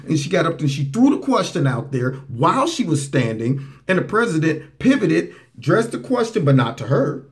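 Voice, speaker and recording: A man hosting a political commentary show, talking back to played clips in a mocking, animated way. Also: normal speed. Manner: animated, mocking, swoops into high voices for impressions.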